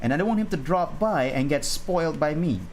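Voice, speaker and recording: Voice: mid-range voice, animated, a little fast, slight background noise. Drawing streamer, casual livestream chat, rambling, laughs often, restarts sentences, answers chat. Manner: reads and answers chat questions.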